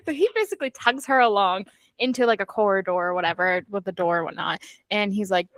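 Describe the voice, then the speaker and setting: A woman's voice: medium pitch, a little fast, dry recording. A woman co-hosting a book club podcast, recapping a novel in casual chat and acting out the characters' lines. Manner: animated recap that acts out characters' quotes.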